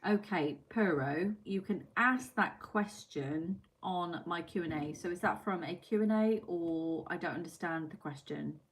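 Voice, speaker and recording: A woman's voice: fairly low pitch, a little slow, few pauses, low-quality recording. A woman hosting a casual livestream, chatting and reading out viewer comments, swearing now and then. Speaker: livestream host. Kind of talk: casual live-stream chat.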